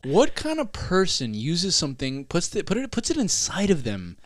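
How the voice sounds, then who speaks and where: An animated man chats on a casual sibling podcast, swearing freely as he tells a story. His pitch swings widely from low mutters to high bursts. The sound is dry and close. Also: normal speed, no echo. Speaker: podcast co-host. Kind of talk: casual chat between siblings.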